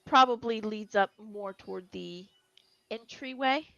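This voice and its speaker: A woman's voice: medium pitch, measured pace, gravelly, sharp tone, dry recording, soft background music. A woman narrating as game master of a tabletop game, hesitant with many fillers, on a dry lo-fi recording.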